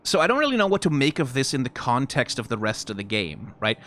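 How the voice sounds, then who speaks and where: A man reacting to game character designs in casual, rambling commentary, full of fillers, restarts and sudden excited jumps. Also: fast. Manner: rambling, frequent fillers and self-corrections; animated, pitch jumps when excited.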